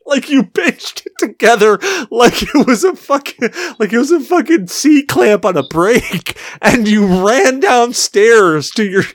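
Drunk podcast guy, swears a ton, laughs mid-sentence, pitch jumps all over, dry close sound. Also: unhurried, few pauses, dry recording. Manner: profane, laughing, animated storyteller. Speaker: podcast co-host. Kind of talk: casual chat, storytelling.

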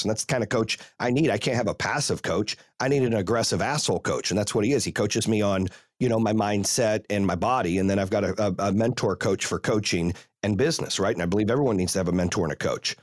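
A man's voice: lowish voice, lively intonation, quick pace, a little mellow, no echo, clean studio sound. A man hosting a podcast and coaching youth football, telling stories in a blunt, fired-up, profane way. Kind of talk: casual podcast chat.

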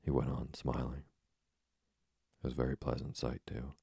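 A man narrates a sleep story in a remarkably low, gravelly voice with a breathy, husky edge. His reading stays calm and flat in tone. The close recording sounds dry. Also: moderate pace, dry recording. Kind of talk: slow bedtime story reading.

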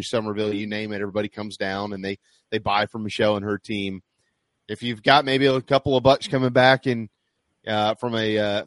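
A man's voice: medium pitch, a bit bright, no room sound. A man hosting a sports talk show, chatting and reading ads in a folksy, salesy way. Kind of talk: sports radio talk with live ad reads.

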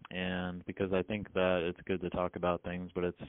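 A very low, even-toned man with a smooth, clear voice answers interview questions and lays his process out step by step. His voice comes through a dry, narrow, phone-like line. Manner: measured, explains step by step. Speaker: author and guest.

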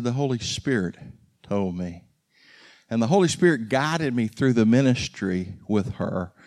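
A man preaching a sermon with impassioned exhortation, repeated rhetorical questions, and swings between loud urging and quiet intensity. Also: mid-range voice.

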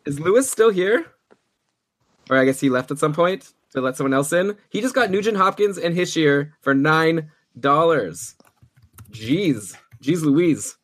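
A man hosting a podcast, chatting casually and upbeat with quick asides. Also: fairly high pitch, lively intonation, a bit bright, dry recording, studio quality. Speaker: podcast host. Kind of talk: casual commentary on a fantasy hockey draft.

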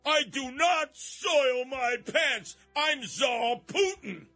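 A man's voice: very high voice, expressive, drawn-out words, sharp tone, no echo, faint music behind, voice pushed up, heavily acted. A man doing a comic impression of an indignant Russian strongman. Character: boastful Russian strongman mocking rumors, older man.

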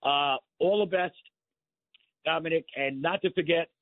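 A man's voice: on the high side, measured pace, no echo. A man in his sixties calling in to a radio show, chatting and telling a story. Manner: conversational, storytelling. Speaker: caller. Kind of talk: call-in radio talk. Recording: phone line.

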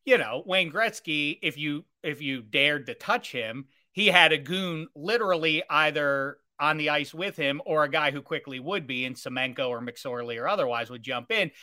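A man's voice: fairly high pitch, normal speed, few pauses, pushed and bright, dry recording, studio quality. A man co-hosting a sports podcast, musing over players with wry asides. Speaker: podcast co-host. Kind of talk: casual sports chat.

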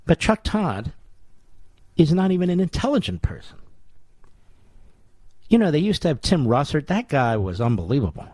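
A man's voice: fairly high pitch, big pitch swings, normal speed, long pauses, a little mellow, slightly rough, dry recording. A middle-aged man hosting a talk radio show, delivering a combative, sarcastic monologue full of rhetorical questions.

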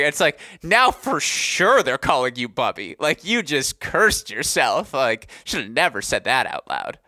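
Young man, podcast co-host, rambling and jokey, bright tone, dry close sound. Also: mid-range voice, sing-song, moderate pace, dry recording. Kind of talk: casual podcast chat.

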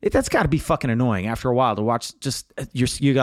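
A man's voice: mid-range voice, expressive, rapid-fire, hardly any pauses, no echo, studio quality. A man co-hosting a comedy podcast, rambling casually, swearing and slipping into mock quotes. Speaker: podcast co-host.

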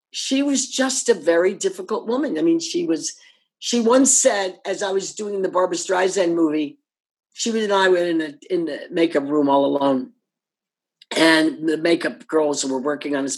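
An older actress telling anecdotes in an interview, animated and laughing often as she acts out what others said. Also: low voice, normal speed, breathy edge.

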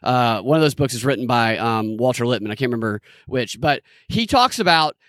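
A man co-hosting a casual political talk podcast, earnest and talkative, with animated jumps in pitch. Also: a little fast, no room sound. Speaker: podcast co-host.

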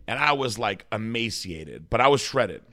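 A man telling a story with lively flair. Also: fairly low pitch, moderate pace. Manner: lively storyteller, swears freely, mimics others in a raised voice. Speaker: podcast guest, bodybuilding coach. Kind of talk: storytelling in a casual interview.

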